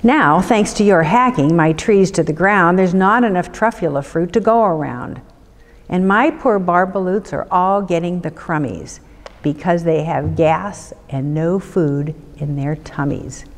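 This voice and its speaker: A woman's voice: on the low side, unhurried, long reverb tail. A woman reading a storybook aloud, voicing a grumpy little male forest creature who scolds in rhyme. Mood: scolding.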